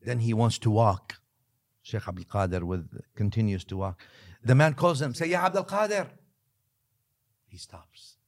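A man, a religious scholar, telling a story as a podcast guest, lively one moment and dropping to a hushed near-whisper the next, with Arabic phrases woven in. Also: on the low side, moderate pace. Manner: mixes Arabic phrases into his talk.

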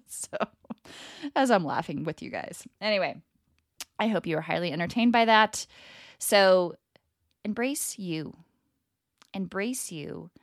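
Animated woman podcast host, lively pitch. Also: a little slow, pauses often, no echo, studio quality. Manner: animated, laughs easily. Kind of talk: casual motivational monologue.

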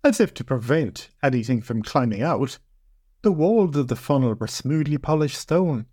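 Measured male storyteller, dry close voice. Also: medium pitch, animated, darkish tone, dry recording. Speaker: podcast narrator. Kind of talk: first-person scripted story narration.

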